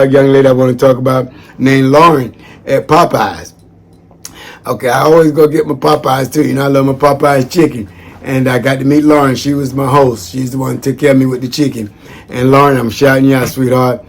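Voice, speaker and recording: Chatty man rambling through shout-outs. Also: medium pitch. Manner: chatty, folksy, digressive, calls listeners "man". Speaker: vlogger giving shout-outs; former social worker. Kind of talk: casual rambling monologue.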